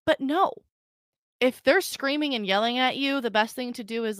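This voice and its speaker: A woman's voice: fairly high pitch, animated, normal speed, fairly bright tone, no room sound, studio quality. A young adult woman hosting a podcast, talking casually to her listeners with frequent restarts and filler words. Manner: chatty, stumbling restarts, addresses listeners as guys. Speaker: podcast host. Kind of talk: casual solo podcast talk.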